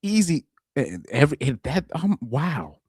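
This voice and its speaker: A man's voice: fairly high pitch, sing-song, unhurried, a little mellow, breathy edge, dry recording, clean studio sound. A man casually commenting on a live stream, rambling and repeating himself. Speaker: live streamer reacting to videos.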